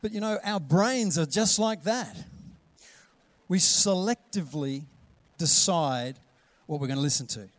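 A middle-aged man, preaching a lively sermon and acting out voices with sudden loud calls. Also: a little high, measured pace, no room sound. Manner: animated, acts out voices with big loud calls. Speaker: pastor.

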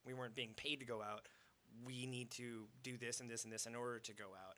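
A band member in a casual interview, telling stories in an animated way. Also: male voice, mid-range voice, a little fast.

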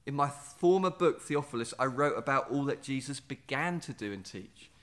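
A man preaching a sermon, earnest, repeating words and slowing down to stress key lines. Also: medium pitch, animated. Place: standing in a building site or venue.

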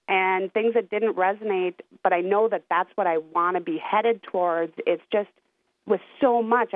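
A woman's voice: mid-range voice, no echo. A woman calling in to a radio show by telephone, talking in an eager, slightly flustered way. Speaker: caller. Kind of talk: call-in radio chat. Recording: tinny telephone line.

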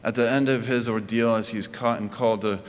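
A man giving a sermon as a pastor, in a conversational preaching manner that climbs and drops in pitch, with frequent restarts. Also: fairly even intonation, a little fast, long reverb tail, a little hiss or hum.

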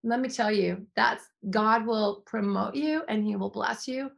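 A woman's voice: on the high side, measured pace, vocal fry. A woman hosting a faith-based podcast, speaking earnestly and effusively with frequent restarts. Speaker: host.

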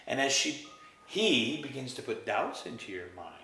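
A man reading a story aloud and preaching on it, expressive and emphatic, in a roomy space. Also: medium pitch, normal speed, creaky, soft background music. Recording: echoey room.

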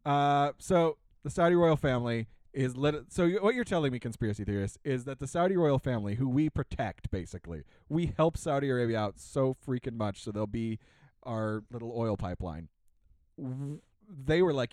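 Animated, sarcastic man ranting. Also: medium pitch, normal speed, no room sound. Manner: animated, sarcastic, many fillers and restarts. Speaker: podcast co-host. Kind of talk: casual ranting chat.

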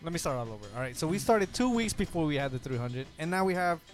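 Brief: lively high-pitched male co-host, rambling, music faint behind. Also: fast. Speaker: podcast co-host. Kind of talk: casual chat.

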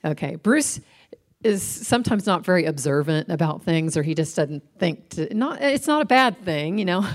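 A low-voiced, middle-aged woman co-hosts a laid-back conversation about faith, speaking at a normal speed. Her everyday anecdotes come out animated and lively, broken up by frequent laughter.

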